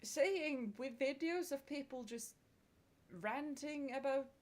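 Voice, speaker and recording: Laughing Swedish woman streamer, high voice. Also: slow pace, a little mellow. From Sweden. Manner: chatty and frank, laughs between remarks. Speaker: VTuber streamer. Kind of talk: casual chat while streaming a game.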